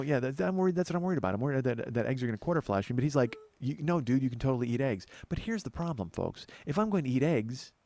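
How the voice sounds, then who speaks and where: A man's voice: medium pitch, darkish tone, no room sound. A man hosting a podcast, delivering a comedic monologue in a profane, ranting, self-mocking way and calling his listeners folks.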